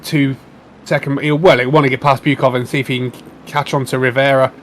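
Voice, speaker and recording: A man as co-commentator on a sim race, giving relaxed, conversational analysis. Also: mid-range voice, a little fast, slight background noise.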